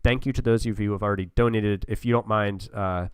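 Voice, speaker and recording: A man's voice: on the low side, steady tone, fast talker, clear, resonant tone, dry recording. A young adult man casually commenting on a sports simulation game, thinking aloud with frequent fillers and restarts. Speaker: gaming channel host.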